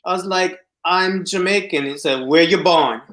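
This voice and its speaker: A man's voice: high voice, normal speed, fairly bright tone. Man telling a story in an echoey room. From United States. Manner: anecdotal, laughs while telling the story. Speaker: discussion guest. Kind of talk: casual storytelling chat.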